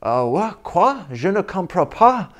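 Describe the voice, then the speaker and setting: A sleepy, bewildered Frenchman stammers in a squeaky, raised voice, as a male storyteller puts him on. He sounds startled awake and lost for words, his voice jumping up high. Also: little pitch movement, unhurried, a little mellow, lightly acted. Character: groggy, confused French hotel guest, male.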